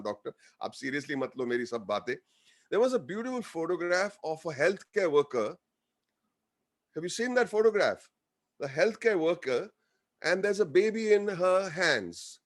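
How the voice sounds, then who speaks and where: An Indian man talks to a webinar over a video call. His voice sits fairly high for a man. He mixes light jokes with earnest gratitude and moves freely between English and Hindi. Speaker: guest speaker, actor. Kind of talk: informal webinar speech.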